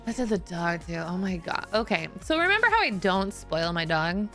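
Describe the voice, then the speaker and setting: A young woman streamer casually telling a story to her chat, giggly and animated, swearing freely. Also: lowish voice, normal speed, faint music behind.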